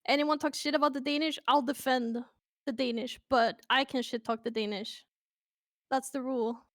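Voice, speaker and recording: A woman's voice: sits high, fairly even intonation, moderate pace, a bit bright, dry recording, studio quality. A woman from Sweden with a Swedish accent, chatting playfully and casually with stream viewers over a voice call. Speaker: guest on a stream.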